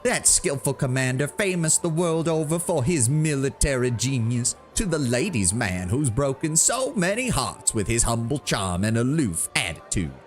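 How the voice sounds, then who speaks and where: A man voicing a pompous young male half-elf bard, speaking in flowery, drawn-out, mocking toasts. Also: mid-range voice, very animated, faint music behind, pitched above the performer's own voice, close to an everyday voice. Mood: grandiose.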